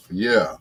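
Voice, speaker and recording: An older man hosting a casual live stream with a deep, husky voice, chatting in a relaxed, joking way as he reads out viewer comments. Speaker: host reading viewer comments.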